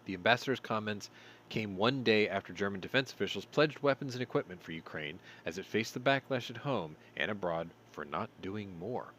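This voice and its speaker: A man with a lowish voice reads news stories aloud as a show host and keeps interrupting with sarcastic quips. He sounds tired, yet his pitch rises and falls widely. A faint hiss sits under the recording. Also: animated, a little fast, a bit bright. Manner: sarcastic asides between read headlines. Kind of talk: reading news stories with commentary.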